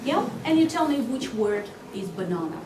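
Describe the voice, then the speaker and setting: A woman runs a workshop for teachers, her high voice swooping animatedly as she fires quick questions at the room. She is picked up from a distance in a large, echoey hall. Background noise runs under the whole recording. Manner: lively, quizzes the audience with quick questions. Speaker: teacher trainer. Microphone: distant mic. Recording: echoey hall from far off, noisy.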